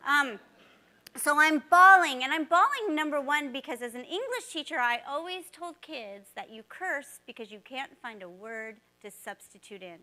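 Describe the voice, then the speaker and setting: A woman, a former teacher, giving a storytelling keynote talk in an animated way, acting out the dialogue she quotes. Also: high-pitched, moderate pace.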